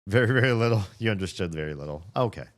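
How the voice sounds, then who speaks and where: A man's voice: on the low side, lively intonation, racing. An American man chatting casually on a live stream, earnest and reflective, drifting from thought to thought. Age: adult with children.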